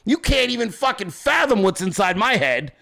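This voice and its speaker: A man's voice: sits high, big pitch swings, moderate pace, creaky, bright, forceful tone. A man hosting his own show from a home desk, ranting in profane, combative, mocking commentary. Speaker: podcast host.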